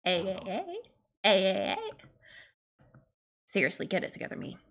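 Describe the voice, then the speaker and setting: A woman's voice: mid-range voice, lively intonation, moderate pace, fairly bright tone. A woman streaming a game, reading its narration aloud and chatting playfully with laughter.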